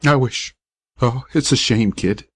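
A man voicing a grieving young athlete who speaks low, subdued and tender to a dying boy. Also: unhurried, breathy edge. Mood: tender, sorrowful. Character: grieving young male athlete, gentle and steady.

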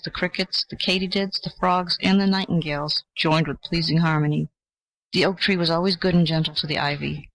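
A measured, gentle voice reads an old fairy tale aloud. The sound is dry and close, with no room around it. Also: mid-range voice, dry recording, low-quality recording. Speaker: audiobook narrator. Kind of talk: scripted storybook narration.

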